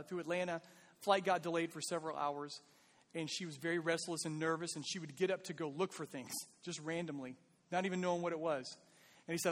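Man, pastor, earnest sermon, plain talk, slightly high voice, long hall reverb. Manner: earnest, pleading, conversational.

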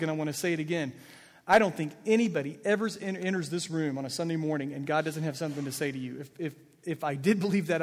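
A man preaching a sermon as pastor in a church sanctuary, earnest and direct, sometimes stumbling over and repeating his words. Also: fairly high pitch. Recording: long reverb of a church hall.

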